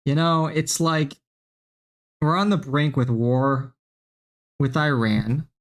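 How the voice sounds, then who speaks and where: A man's voice: medium pitch, slow. A man hosting a live stream, reacting to clips with profane, exasperated rants. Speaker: streamer host.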